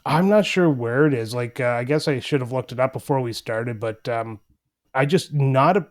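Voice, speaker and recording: A man's voice: mid-range voice, moderate pace. A man co-hosting a retro gaming podcast, chatting casually and joking with his co-host. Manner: relaxed, jokey, reads game summary from notes.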